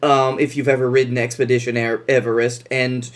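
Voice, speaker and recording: A man co-hosting a podcast, recapping a movie in casual chat with a wry, deadpan manner. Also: mid-range voice, a little fast. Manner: wry, deadpan recaps with playful put-on voices. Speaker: podcast co-host.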